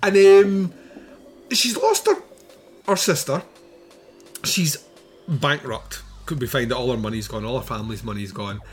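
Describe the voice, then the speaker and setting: A man's voice: mid-range voice, animated, a little slow, long pauses, soft background music. A man co-hosting a podcast, chatting casually and animatedly about a film, laughing often and swearing freely. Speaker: podcast co-host reviewing a film. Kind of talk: casual chat.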